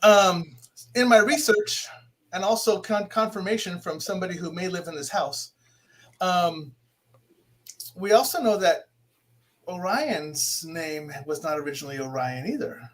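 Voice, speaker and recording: A man with a notably high, light voice hosts a casual live interview, rambling and poking fun at himself. He stops and restarts his sentences often and sounds relaxed and conversational. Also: measured pace, long pauses. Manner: rambling, self-deprecating, frequent restarts. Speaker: podcast host.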